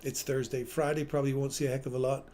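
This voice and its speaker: A man's voice: mid-range voice, flat delivery, fast talker, mellow, echoey room, slight background noise. A man in his fifties hosting a live trading stream, chatting in an upbeat way and reading viewer comments aloud. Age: 50s. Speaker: trading livestream host.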